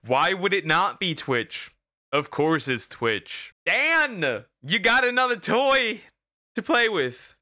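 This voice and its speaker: A man's voice: high-pitched, sing-song, takes it slowly, pushed and bright, no room sound, studio quality. A man streaming as a VTuber, reacting to a video in casual commentary, exasperated, stammering and repeating himself with bursts of laughter.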